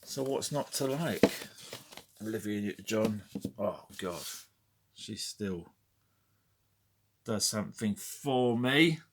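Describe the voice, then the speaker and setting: Slow, wry man rambling. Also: fairly low pitch, expressive, noisy background. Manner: wry, rambling, muttered asides, snatches of sung tunes. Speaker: collector showing his record collection. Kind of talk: casual chat.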